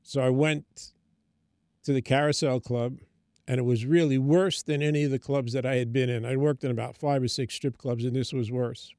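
A man's voice: mid-range voice, moderate pace, dry recording. Older man telling comedy stories, dry sound. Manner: animated anecdote telling, acts out quoted voices. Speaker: comedian guest. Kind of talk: casual storytelling on a podcast.

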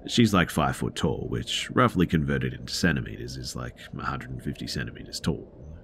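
Deep gravelly male horror narrator. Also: normal speed, a bit bright, slight background noise. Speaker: narrator reading submitted stories. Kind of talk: scripted horror story narration.

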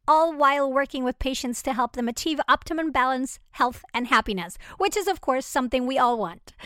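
A woman's voice: high voice, fairly bright tone, no room sound, clean studio sound. A woman hosting a podcast, reading an upbeat introduction and asking questions in an enthusiastic, casual way with small laughs. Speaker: podcast host.

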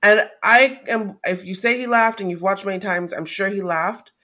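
A woman's voice: medium pitch, fairly even intonation, normal speed, bright, forceful tone. A woman co-hosting a podcast, talking things through in a casual, analytical way with some hesitant fillers. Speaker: podcast co-host. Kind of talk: casual recap chat.

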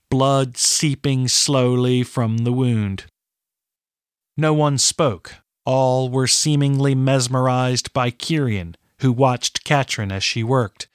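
Slow, deliberate male storyteller. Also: mid-range voice, no room sound, studio quality. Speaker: audiobook narrator. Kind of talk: scripted narration.

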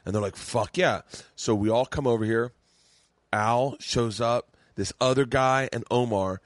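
Relaxed male podcast host, mid-pitched voice, dry close mic. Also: measured pace, no echo. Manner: laid-back, chatty, swears freely. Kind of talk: casual chat.

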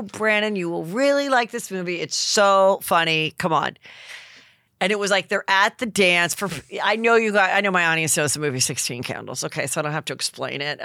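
A woman hosting a podcast, telling a story in a lively, casual way and acting out the lines of a movie's characters. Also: deep voice, vocal fry, no room sound, clean studio sound. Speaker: podcast host. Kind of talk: casual chat.

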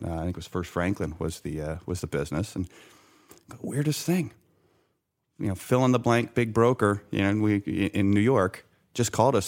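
Animated storytelling man, lower voice. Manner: animated anecdote teller, acts out quoted voices, many restarts. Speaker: guest, former bank sales desk worker. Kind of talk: conversational storytelling.

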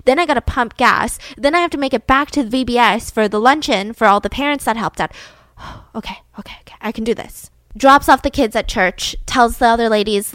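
A woman podcast host casually retelling a true-crime story in an animated, chatty way. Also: on the high side, normal speed, no echo. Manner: animated, chatty, slips into voices.

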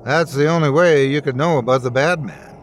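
A man's voice: medium pitch, brisk, slight background noise, lightly acted. A man playing a rattled, frightened man. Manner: tense, defensive.

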